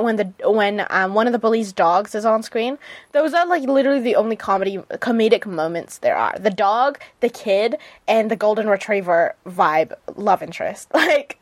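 On a studio microphone with no room sound, a woman hosting a radio show speaks in a mid-range voice with a New Zealand accent. She reviews a drama chattily and effusively, often restarting and filling her sentences.

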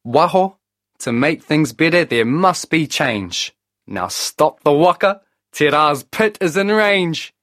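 A man's voice: fairly high pitch, very animated, takes it slowly, fairly bright tone, dry recording, clean studio sound, voice pushed up, full character voice. A man voicing a bold young male trickster hero in a storybook, earnest and grand.

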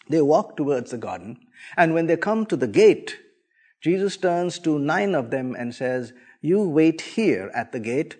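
Male preacher, sermon, slow delivery, very lively pitch, dramatic storytelling. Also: slightly rough. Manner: dramatic storytelling with sweeping swings in loudness.

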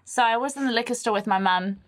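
A woman's voice: a little high, fast. A woman co-hosting a podcast, telling stories with lots of laughter and acted-out voices. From French. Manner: animated storyteller, laughs often, acts out voices. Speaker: podcast co-host. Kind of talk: casual chat.

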